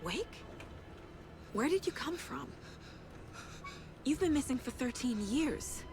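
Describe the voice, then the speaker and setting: An actress playing a calm, methodical female federal investigator who speaks steadily and with authority. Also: sits high, slow pace, noisy background, exaggerated voice. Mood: firm. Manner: steady, commanding. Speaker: FBI agent.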